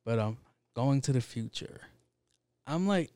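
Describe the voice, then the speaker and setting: A man's voice: mid-range voice, expressive, a little slow, dark tone, clear, resonant tone, dry recording, studio quality. A man talking in a loose, rambling monologue, swearing often and leaning on fillers. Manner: profane, rambling, with frequent fillers.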